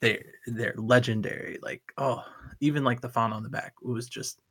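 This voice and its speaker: A man with a bright, forward tone and a gravelly catch in his voice talks casually about sports. He rambles enthusiastically and keeps restarting his sentences mid-thought. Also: medium pitch, steady tone, moderate pace. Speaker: podcast co-host.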